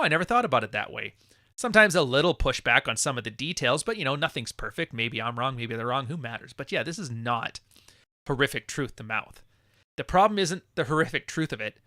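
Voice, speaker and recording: A man hosting a live stream, ranting and swearing as he mocks people. His voice is sharp and bright and sits at a middle pitch. The sound is dry and close, with no room echo. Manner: profane, mocking, mimics others in high voices. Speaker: podcast host. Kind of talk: livestream podcast rant.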